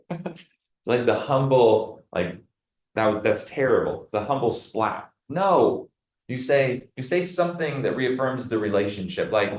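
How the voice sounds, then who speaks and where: Man, team leader, coaching talk, acts out client lines, middle pitch, echoey room. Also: unhurried. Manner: animated, acts out client dialogue. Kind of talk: meeting talk. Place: meeting room.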